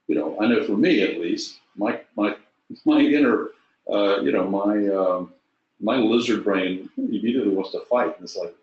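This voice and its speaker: A man giving a leadership coaching webinar, talking in a thoughtful, halting way with many fillers and restarts. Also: lowish voice. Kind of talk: webinar presentation. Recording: echoey, dull lo-fi webinar audio.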